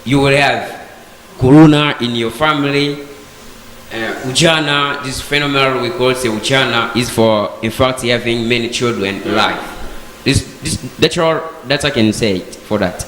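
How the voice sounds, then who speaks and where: A man's voice: mid-range voice, normal speed, fairly bright tone. Man, hesitant debater groping for words; reverberant hall, light hiss. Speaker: debate participant. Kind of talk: discussion in a conversation group. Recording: echoey hall with faint background noise.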